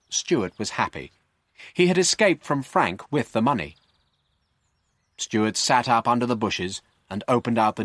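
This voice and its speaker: A male storyteller reads a simple story for English learners. His delivery is very slow and carefully clear, and his pitch moves a lot to bring the story to life. The recording is dry and close. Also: fairly bright tone, dry recording. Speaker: narrator. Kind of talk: graded-reader story narration for English learners.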